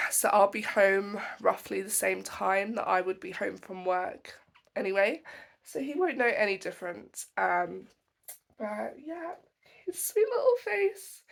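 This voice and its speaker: A woman with a croaky voice from a cold, chatting casually to the camera on her phone with frequent ums. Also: mid-range voice, a bit bright. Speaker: travel vlogger. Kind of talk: casual vlog chat. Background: background music.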